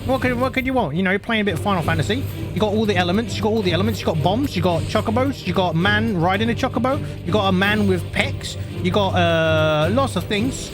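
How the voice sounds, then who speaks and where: Mężczyzna udający gadatliwego, stereotypowego Brytyjczyka z przesadnym brytyjskim akcentem, który opowiada w stylu pogawędki w pubie. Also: male voice, high-pitched, animated, fast, few pauses, over music. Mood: rambling. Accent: put-on British. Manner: rambling, folksy, pub-talk chatter. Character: cheery stereotypical British bloke, chatty.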